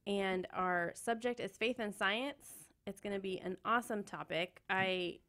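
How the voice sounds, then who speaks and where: A woman's voice: mid-range voice, unhurried, fairly bright tone. A woman talks on a radio show from the studio, speaking into a studio microphone. She sounds bubbly and eager as she promotes an upcoming event she organizes. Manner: bubbly, enthusiastic. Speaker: conference organizer. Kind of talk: studio guest chat.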